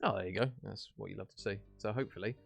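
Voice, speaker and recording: Fast, chatty British esports caster. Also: male voice, fairly low pitch, gravelly, soft background music. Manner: chatty, matey, upbeat. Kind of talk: esports stream sign-off commentary.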